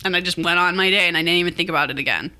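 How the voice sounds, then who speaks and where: A woman co-hosting a podcast, incredulous and animated, often acting out what others would say. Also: lowish voice, rapid-fire. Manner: animated, incredulous, mock-quoting. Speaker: podcast co-host. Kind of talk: casual chat.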